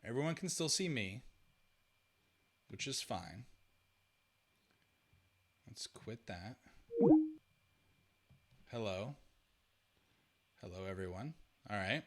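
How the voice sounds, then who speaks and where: A man's voice: fairly low pitch, expressive, slow, long pauses, fairly bright tone. A man hosting a live-streamed podcast, chatting casually and sorting out technical trouble aloud. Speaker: podcast host.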